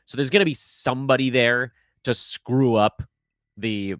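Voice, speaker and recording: A man's voice: medium pitch, measured pace, no room sound, clean studio sound. A man hosting a fantasy basketball show, talking casually and jokingly with rambling asides. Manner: animated, jokey, rambling asides. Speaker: fantasy basketball podcast host. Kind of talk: casual solo sports analysis.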